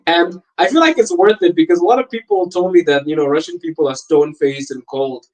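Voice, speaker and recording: Young male podcast host with a slightly higher voice, loose and animated, laughs easily while reading chat. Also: fairly quick, poor audio. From Botswana. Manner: laughs often, animated and jokey. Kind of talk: casual live-stream chat.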